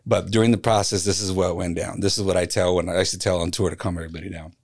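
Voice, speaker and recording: Low-voiced man telling a story. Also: racing, creaky. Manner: animated storyteller who acts out quoted voices. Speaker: podcast guest, graffiti artist. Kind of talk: casual storytelling in conversation.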